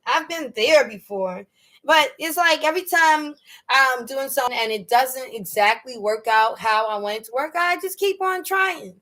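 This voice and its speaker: A woman hosts a casual storytelling livestream, chatting in slang and laughing often as she answers viewers' questions. Her high-pitched voice is expressive and sharp, at a normal speed.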